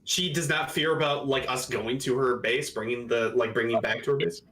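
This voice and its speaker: A man's voice: medium pitch, fairly even intonation, normal speed, a bit bright, poor audio. A man playing a tabletop game, casually asking the game master curious questions. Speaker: player.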